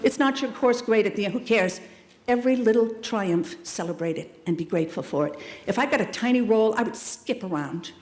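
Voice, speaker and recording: A middle-aged woman giving a commencement speech. She talks to the graduates in a warm, emphatic way, calls them "loves" and "darlings", and throws in playful, dramatic asides. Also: medium pitch, expressive, brisk. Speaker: commencement speaker. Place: large hall at a school ceremony. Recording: echoey hall, long reverb.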